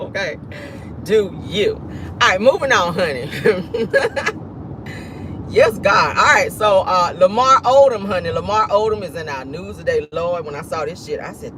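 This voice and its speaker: Man, gossip host, sassy, swearing, laughing a lot, very animated pitch, street noise behind. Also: unhurried. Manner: sassy, profane, frequent laughter, addresses viewers as "y'all" and "honey". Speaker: celebrity gossip show host. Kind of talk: casual celebrity gossip commentary.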